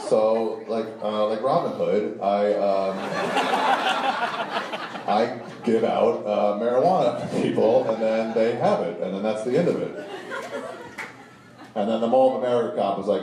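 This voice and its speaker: A man telling a rambling, animated story at a live comedy show, acting out the people in it. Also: moderate pace, heavy reverb. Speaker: stand-up storyteller. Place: comedy club stage before a laughing audience. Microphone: handheld stage mic, recorded from the crowd. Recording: boomy live room taped from far off, audible noise. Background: audience laughter.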